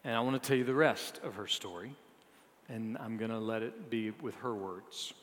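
A man preaching a sermon, moving from soft, low asides to loud, rising emphasis as he reads a woman's story aloud. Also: normal speed. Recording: long hall reverb.

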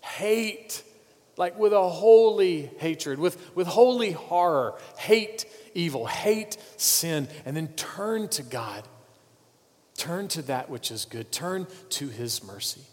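A man preaching a sermon as a pastor, swinging from loud urging to hushed pleading and repeating words for weight. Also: fairly high pitch, lively intonation, slow pace, long reverb tail.

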